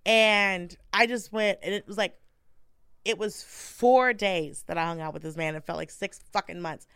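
Woman comedian, smooth, dry close-mic voice, animated profane storytelling. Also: medium pitch, moderate pace, dry recording. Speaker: comedian guest. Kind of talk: casual podcast chat.

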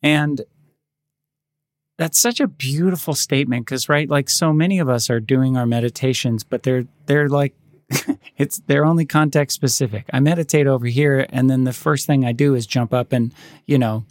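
Reflective man telling gentle stories. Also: medium pitch, normal speed, no echo. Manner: reflective storyteller, gentle and animated in anecdotes. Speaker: podcast co-host. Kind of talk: casual conversation.

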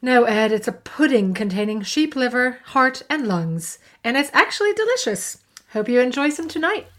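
A woman's voice: fairly high pitch, big pitch swings, normal speed, fairly bright tone. Dry, teasing woman co-host. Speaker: podcast co-host. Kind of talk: scripted podcast banter.

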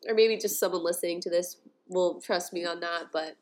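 A woman's voice: on the low side, fairly quick. A young woman from the United States hosting a podcast, talking in a chatty, sarcastic way about news articles. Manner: chatty and sarcastic, with animated asides. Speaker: podcast host. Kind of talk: casual commentary on articles.

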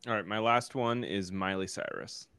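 A man co-hosting a podcast, relaxed, with short friendly reactions and questions. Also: on the low side, normal speed. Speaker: podcast co-host. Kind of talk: casual interview.

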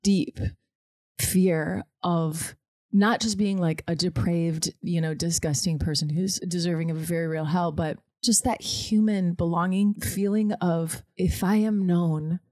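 Candid, heartfelt podcast guest, woman, low-pitched, dry recording. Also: fairly even intonation, unhurried, a little mellow, no echo. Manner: candid, emotional, laughs easily. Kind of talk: candid conversational chat.

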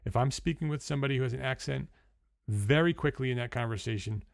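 Man, New Jersey accent, mid pitch, dry close mic, rambling instructional host with lots of fillers. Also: quick pace, gravelly, no echo. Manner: hesitant, many fillers and restarts. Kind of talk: unscripted instructional talk. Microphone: studio microphone.

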